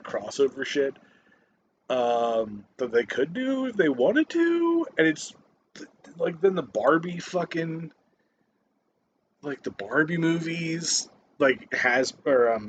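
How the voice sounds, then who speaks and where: A man's voice: fairly high pitch, fairly bright tone, highs cut off, a little hiss or hum. A man giving a casual, rambling movie review, swearing constantly and stopping often for fillers and restarts.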